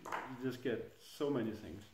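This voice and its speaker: A man's voice: medium pitch, moderate pace, background noise. A middle-aged man giving an informal scripture class in a temple hall, speaking hesitantly and chuckling at his own jokes. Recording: echoey room.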